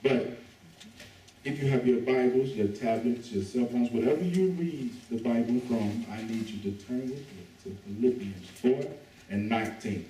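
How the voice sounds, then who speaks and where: Male guest preacher, relaxed call-and-response delivery, recorded at a distance in a reverberant church. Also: medium pitch, moderate pace, a little hiss or hum. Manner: relaxed, joking, invites the congregation to talk back. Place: church sanctuary. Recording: echoey church heard from a distance.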